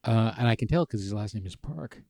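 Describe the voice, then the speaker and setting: Halting, joking podcast co-host, a man. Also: fairly low pitch, lively intonation, gravelly, darkish tone, no echo, studio quality. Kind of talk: casual chat.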